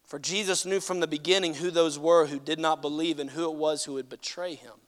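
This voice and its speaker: A male pastor preaching a sermon with animated, humorous delivery. He swings between loud declarations and quiet asides and acts out voices in quoted speech. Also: fairly high pitch, brisk.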